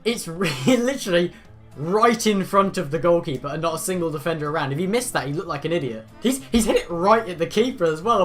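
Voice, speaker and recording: A man giving live reaction commentary as a football fan, calling the play and bursting into shouts at the players. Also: high-pitched, a little fast, soft background music. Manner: play-by-play narration mixed with rants.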